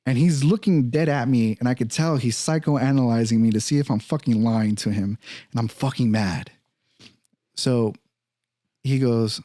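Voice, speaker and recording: A young man in casual podcast talk, telling a personal story in a profane, animated way and acting out the other people's lines. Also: mid-range voice, moderate pace, dry recording, studio quality. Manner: profane, animated, acts out quoted voices.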